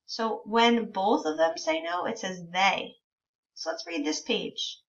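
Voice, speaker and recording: A woman teacher leading a reading lesson for young children, encouraging them and reading words out very slowly. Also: fairly high pitch, lively intonation, creaky, far from the mic. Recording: dull lo-fi sound from a bit away from the mic.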